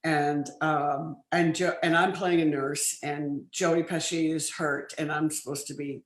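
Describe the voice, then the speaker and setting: Older woman telling lively stories, roomy studio. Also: low voice, unhurried. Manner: lively anecdotal storytelling, frequent laughs and restarts. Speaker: film producer, guest. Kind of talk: casual interview chat.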